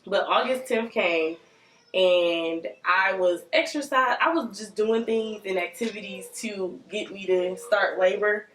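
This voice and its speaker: A young mother in a relaxed, chatty conversation with friends. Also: medium pitch, a little slow. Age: young adult. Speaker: young mother sharing her experience. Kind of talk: casual chat with friends. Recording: echoey room, distant mic.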